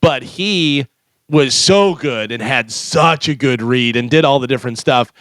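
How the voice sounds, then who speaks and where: A man co-hosting a radio show, an animated storyteller who laughs often during casual studio banter. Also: mid-range voice, unhurried, no echo.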